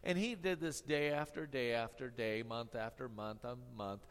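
A man's voice: mid-range voice, moderate pace, smooth, in a large hall. A man preaching a sermon, mixing humorous stories with tongue-in-cheek sarcasm. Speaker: pastor.

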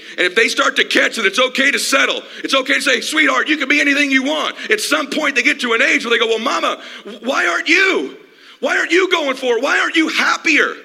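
An impassioned man in his fifties delivers a motivational talk from a stage. His voice sits high and cuts bright, with a gravelly, husky grain. He leans hard on every point with emphatic force. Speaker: motivational speaker. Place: stage before a live audience.

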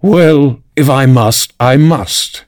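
A man voicing an anxious, pompous storybook king who talks gravely and hastily. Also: on the high side, lively intonation, unhurried, darkish tone, pitched above the performer's own voice.

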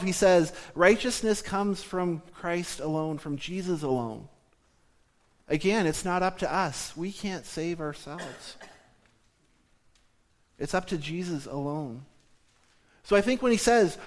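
A man from southern Ontario preaching a sermon, speaking in a measured teaching tone that slows down for emphasis. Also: sits high.

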